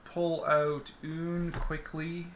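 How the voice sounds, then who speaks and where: A man's voice: fairly high pitch, flat delivery, extremely slow, a little hiss or hum. A man narrating a solo tabletop game, meandering with many fillers and restarts as he thinks aloud.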